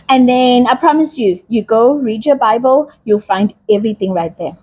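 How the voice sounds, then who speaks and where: A woman's voice: fairly high pitch, moderate pace, hardly any pauses, a little mellow, husky. A woman giving a casual, chatty bible teaching in a vlog, with loose slang and plenty of repetition. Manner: chatty, slangy, repeats herself.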